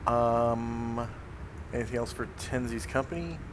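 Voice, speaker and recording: A man's voice: medium pitch, measured pace, slight background noise. A man running a tabletop game as game master, speaking hesitantly with many fillers.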